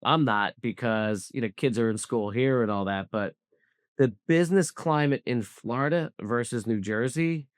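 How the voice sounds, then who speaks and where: A man's voice: mid-range voice, moderate pace, smooth, no room sound, studio quality. A man from Southwest Philadelphia, a business founder being interviewed, talking bluntly and emphatically and repeating points for stress. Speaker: guest, cybersecurity business founder. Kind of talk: casual interview talk.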